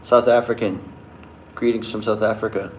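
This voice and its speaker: A young man talks loosely to his viewers, his voice sitting a little low. He drifts and restarts, stringing thoughts together with "like." The room is echoey, with a faint hiss behind him. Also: fairly even intonation, normal speed, a little mellow. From Canada. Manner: rambling, loose, many likes and restarts. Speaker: vlogger answering live chat. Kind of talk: casual chat.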